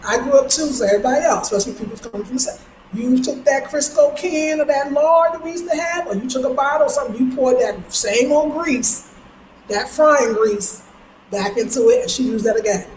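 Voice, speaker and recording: Brooklyn lady vlogging, kinda high voice, tells stories and acts out everybody, room echo and a little hiss. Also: quick pace. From Brooklyn, New York. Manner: chatty, animated storytelling with voiced quotes. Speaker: travel vlogger. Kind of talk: casual vlog monologue. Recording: roomy echo with faint background noise.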